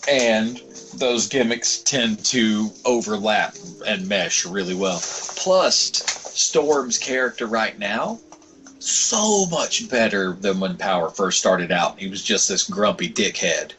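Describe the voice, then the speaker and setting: A man's voice: lowish voice, takes it slowly, slight background noise, rough recording. A young man co-hosting a podcast, rambling and swearing freely as he retells things. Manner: rambling, swears freely, quotes others in animated bits. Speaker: podcast co-host. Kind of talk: casual chat.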